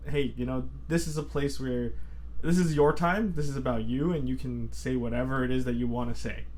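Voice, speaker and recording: A man chats on a podcast about his work as a therapist. He is reflective and explains his points at length. His voice sits at an average pitch for a man. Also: a little hiss or hum. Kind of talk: casual podcast chat.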